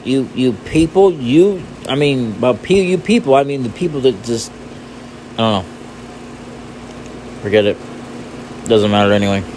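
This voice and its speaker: A man's voice: medium pitch, moderate pace, pauses often, darkish tone, slight background noise. A man rambling goofily over a puzzle game, talking to himself and humming nonsense. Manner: goofy, rambling, hums nonsense tunes. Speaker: gaming channel host. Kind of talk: casual gameplay commentary.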